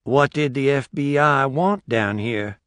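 A man's voice: mid-range voice, measured pace, fairly bright tone, no echo, clean studio sound, pitched above the performer's own voice, close to an everyday voice. A man voicing an adult male reporter who asks friendly, offhand questions. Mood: casual.

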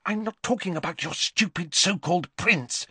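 A man voicing a clever, sharp-tongued teenage witch girl, clipped and disdainful, with a much higher, altered voice. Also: moderate pace, slightly rough, no room sound, heavily acted. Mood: prim.

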